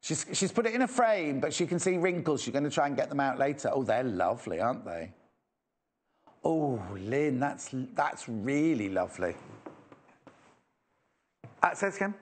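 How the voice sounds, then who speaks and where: A man's voice: mid-range voice, lively intonation, moderate pace, long pauses. A man from England presenting a live sewing shopping show, chatty and enthusiastic with self-mocking asides. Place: TV studio.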